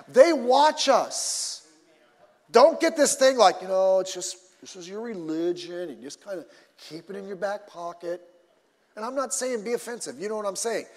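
A male pastor preaching a sermon in an animated way, repeating himself and swinging between loud and soft. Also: high-pitched, in a large hall.

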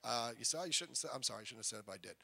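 A man preaching a sermon as pastor, animated, with sudden loud emphasis and quiet asides. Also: medium pitch, rapid-fire, gravelly, slightly rough. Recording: long reverb of a church hall.

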